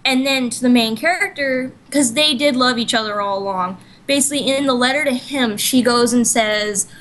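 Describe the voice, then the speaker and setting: A woman's voice: fairly high pitch, moderate pace, fairly bright tone, low-quality recording. A woman co-hosting a casual podcast chat, retelling a story in a rambling way full of "like" and "you know", often correcting herself mid-sentence. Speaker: podcast co-host.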